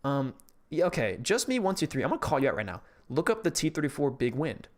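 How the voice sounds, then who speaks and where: A man's voice: a little high, big pitch swings, fast talker. A man hosting a casual live stream, chatting loosely as he rambles, swears often and laughs easily.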